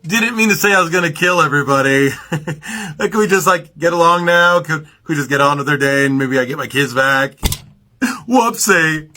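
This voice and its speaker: A man putting on a whiny, sarcastic falsetto to mock someone, in a sing-song voice. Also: normal speed, pushed and bright.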